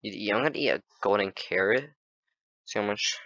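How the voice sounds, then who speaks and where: Young man, gaming YouTuber, excitable commentary, bright voice, dry sound. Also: on the low side, brisk, no room sound, lo-fi sound. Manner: excitable, talks to viewers as "guys", frequent "oh my gosh" and "oh boy". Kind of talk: casual gameplay commentary.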